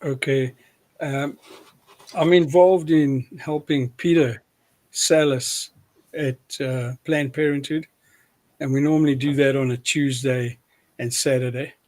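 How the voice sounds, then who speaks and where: A man's voice: medium pitch, steady tone, slow pace, darkish tone. A man with a South African accent, a preacher chatting casually as an interview guest, self-deprecating and often restarting his sentences.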